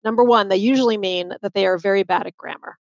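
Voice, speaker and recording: A woman's voice: medium pitch, fast, vocal fry, no room sound, highs cut off. A woman author with a faint Boston accent, talking animatedly with lots of fillers in a podcast interview. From Boston area. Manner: animated, chatty, many fillers. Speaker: author and guest.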